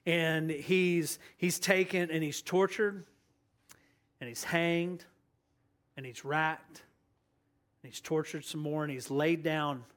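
A young man preaching a sermon as pastor, passionate and urging, dropping to a hushed voice when he tells a story or prays. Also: fairly high pitch, steady tone, takes it slowly, pauses often.

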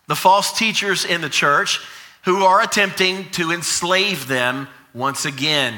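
A man preaching a sermon as pastor. He tells an energetic story with frequent fillers and restarts. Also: sits high.

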